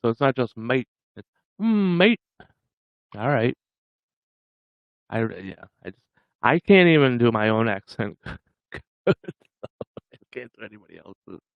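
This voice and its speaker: A man's voice: mid-range voice, animated, a little slow, creaky, pauses often, dry recording, phone-quality sound. A man hosting a livestream, chatting casually with viewers in a rambling way and chuckling often. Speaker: livestream host.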